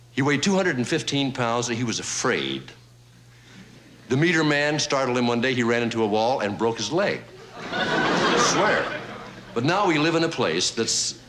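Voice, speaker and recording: A man hosting a variety show, telling a comic monologue in a folksy storytelling manner with drawn-out pauses for laughs. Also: medium pitch. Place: TV studio stage before a live audience. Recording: TV studio audience laughter, noisy broadcast.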